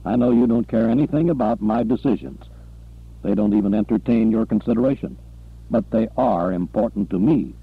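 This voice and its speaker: A man voicing a calm, resolute male doctor who speaks quietly and firmly, in an audiobook. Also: fairly low pitch, creaky, slightly rough, phone-quality sound. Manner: quiet, measured, firm.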